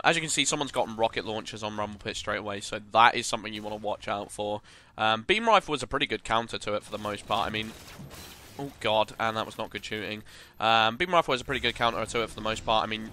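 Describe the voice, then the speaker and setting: A man's voice: fairly low pitch, pushed and bright, a little hiss or hum. A man hosting live gameplay commentary, thoughtful and rambling, with frequent fillers and self-corrections. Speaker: gaming channel host.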